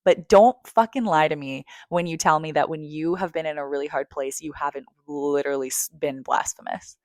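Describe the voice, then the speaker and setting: A woman with a low voice speaks straight to the listener in a raw, confessional monologue. She swears freely and swings from near-whispers to loud, emphatic bursts. The sound is dry and close, with no room echo. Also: brisk. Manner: emphatic and profane, swinging between hushed and loud. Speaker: vlogger.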